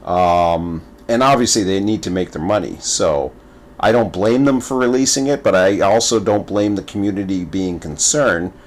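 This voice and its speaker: A man's voice: sits low, moderate pace. A man giving casual gaming commentary who rambles, repeats words and stumbles through his thoughts. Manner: animated, playful storytelling. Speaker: gaming video creator.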